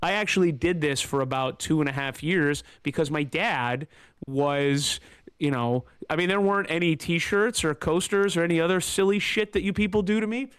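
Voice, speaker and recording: A man's voice: fairly high pitch, moderate pace, fairly bright tone, smooth, no echo. A man hosting a podcast, telling a personal story in a candid, emotional, rambling way with many fillers, close to tears. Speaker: podcast host.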